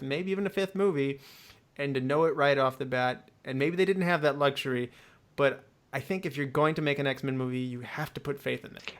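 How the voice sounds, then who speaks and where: A man's voice: mid-range voice, gravelly, a bit bright. A man in his thirties hosting a casual movie podcast, teasing and laughing often. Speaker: podcast host.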